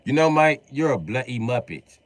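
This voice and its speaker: A man voicing a mocking, posh British gentleman who trades insults during a game. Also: on the low side, expressive, moderate pace, breathy edge. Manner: exaggerated upper-crust put-on voice, mocking.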